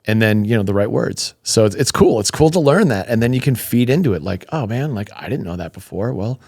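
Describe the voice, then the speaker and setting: A man in his fifties, a podcast guest, chatting in an upbeat, animated way. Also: lowish voice, fairly quick, creaky, slightly rough, dry recording, studio quality. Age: 50s. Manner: upbeat, animated storytelling with fillers. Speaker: podcast guest, supplement company founder. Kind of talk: casual interview chat.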